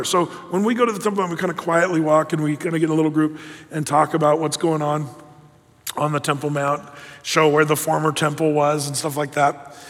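Male preacher, high voice, emphatic storytelling, long reverb of a big hall. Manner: animated, emphatic, acts out quotes. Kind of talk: sermon-style storytelling to a congregation.

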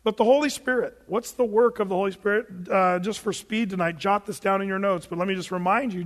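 A man's voice: high voice, big-room sound. A man preaching a conversational sermon, asking rhetorical questions and talking loosely with fillers. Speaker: pastor.

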